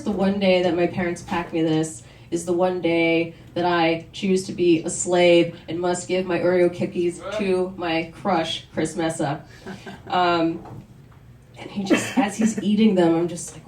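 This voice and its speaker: Woman telling a story live, kinda low voice, echoey room, mic far off, faint hum behind. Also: a little mellow. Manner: candid, conversational, with wry asides. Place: story night venue. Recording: roomy, distant live recording.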